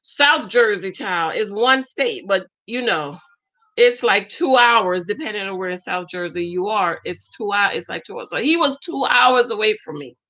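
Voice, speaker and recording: Speaking at a normal speed and medium pitch, this woman hands out sassy, animated dating and marriage advice to the women watching. She addresses each one as "girl" and slips into other voices when quoting people.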